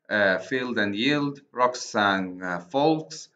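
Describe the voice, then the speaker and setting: A man with an Arabic accent giving a recorded university lecture on poetry, speaking haltingly and correcting himself often. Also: mid-range voice, a bit bright. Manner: slow, halting, many restarts and self-corrections. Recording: dull lo-fi recording.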